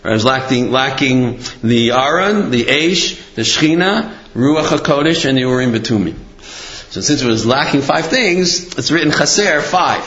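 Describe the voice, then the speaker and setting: A man teaching a Torah class in a conversational, storytelling way, with many pauses and fillers. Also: mid-range voice, lively intonation, a bit bright. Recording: roomy, dull-sounding recording.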